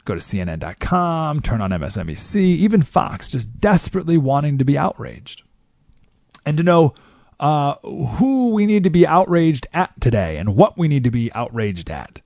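A male talk-show host rants in a lively, sweeping monologue, slipping into mocking impressions of other people. His voice sits a little high for a man and is rough with gravel. The sound is close and dry. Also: normal speed, no room sound. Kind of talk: monologue commentary.

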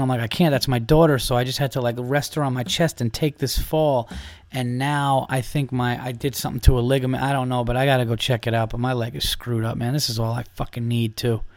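A man's voice: mid-range voice, a little mellow, no room sound, clean studio sound. A man hosting a comedy podcast, ranting in a heated, profane, emphatic way.

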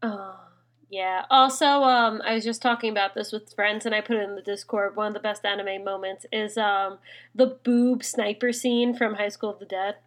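A woman's voice: mid-range voice, fairly even intonation, normal speed. A young woman co-hosting a casual podcast, sleepy and yawning, giggling as she chats. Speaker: podcast co-host. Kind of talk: casual chat.

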